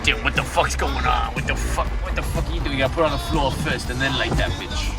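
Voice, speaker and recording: A young man vlogging outdoors in pouring rain, loud, profane and excitable. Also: mid-range voice, quick pace, over loud music, poor audio. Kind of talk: rowdy hype vlogging.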